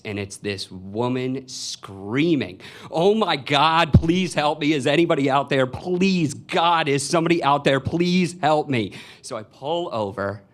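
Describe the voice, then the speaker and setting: A man's voice: lowish voice, a bit bright. A man in his twenties telling a personal story live on stage, in a wry, confessional way. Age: 20s. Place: stage before a live audience.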